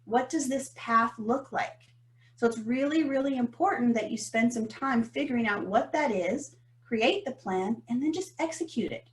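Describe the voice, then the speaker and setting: Animated woman, roomy sound. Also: fairly high pitch, normal speed. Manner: animated, emphatic storyteller. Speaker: podcast co-host. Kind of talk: storytelling business talk. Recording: roomy echo.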